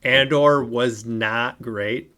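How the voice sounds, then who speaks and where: A man's voice: medium pitch, steady tone, drawn-out words, bright, forceful tone, clear, resonant tone. A man co-hosting a podcast in casual chat, hesitant and full of filler sounds. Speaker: podcast co-host.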